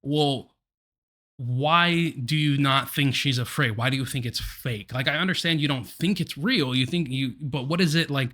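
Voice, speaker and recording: A man's voice: medium pitch, moderate pace. A man co-hosting a podcast, telling a story in casual chat with frequent laughter. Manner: animated, laughs often mid-story. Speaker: podcast co-host.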